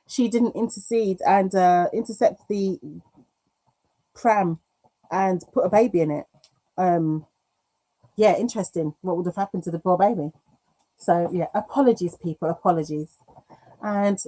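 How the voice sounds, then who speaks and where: British woman, craft stream host, casual chat, self-mocking, warm mellow tone. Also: medium pitch. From United Kingdom. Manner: chatty and self-mocking, laughs often. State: coughing now and then. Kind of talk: casual live-stream chat, reading comments aloud.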